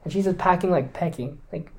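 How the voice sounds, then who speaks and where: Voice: mid-range voice, expressive, normal speed, warm tone, breathy edge, low-quality recording. A young adult podcast co-host in casual chat, answering in short reactions and playfully repeating words.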